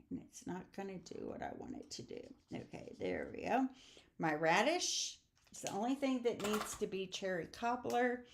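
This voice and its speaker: An older woman, about sixty, hosting an online card-making class at a relaxed, chatty pace. She talks the viewer through each stamping and coloring step in a homey way, slipping in snippets of song and easy laughs. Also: mid-range voice, gravelly, slight background noise. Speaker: crafting class host. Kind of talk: casual craft demonstration.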